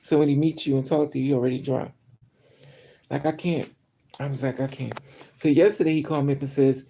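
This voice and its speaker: A woman chatting on a livestream, telling a story in an animated way with sudden outbursts. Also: rumbling low, a little fast, vocal fry, pauses often. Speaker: livestream host. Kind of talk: casual storytelling.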